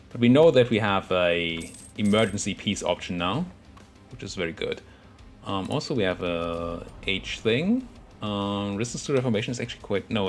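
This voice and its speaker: A young man casually commentating his own strategy game, thinking aloud and muttering at the units on screen. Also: deep voice. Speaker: gameplay commentator.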